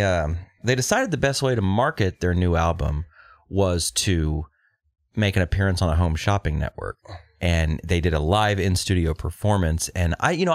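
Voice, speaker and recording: A man with a very deep voice hosting a casual podcast. He rambles in a relaxed way with lots of fillers, yet his intonation stays lively. The recording is dry and close. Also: dry recording. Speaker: podcast host. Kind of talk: casual chat.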